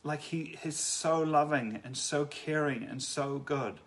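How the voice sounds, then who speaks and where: A man speaks with an earnest, reflective tone about faith. His voice sits a little higher than most men's. He often stops short and restarts his sentences. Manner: earnest, halting, many restarts. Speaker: Christian speaker.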